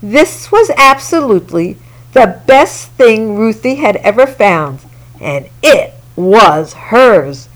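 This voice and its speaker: Slow, expressive woman reading a children's story. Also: mid-range voice, poor audio. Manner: slow, expressive and sing-song. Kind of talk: children's picture-book read-aloud.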